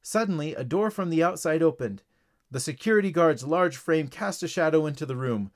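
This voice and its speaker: A man reading a children's story aloud as narrator, clear and even. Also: on the high side, a little fast.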